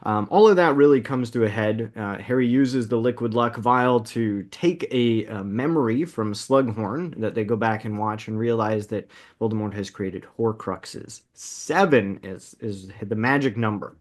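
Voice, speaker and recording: Recapping a film's plot at a brisk pace, this thirtysomething co-host of a laid-back movie podcast keeps things upbeat and laughs a lot. His voice sits fairly low.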